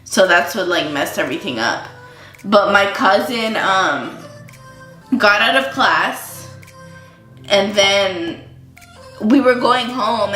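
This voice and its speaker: A woman's voice: mid-range voice, bright, forceful tone. A young woman vlogger telling a casual storytime while doing her makeup, chatty and full of likes and ums, saying she feels sick. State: feeling sick. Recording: echoey room with faint music.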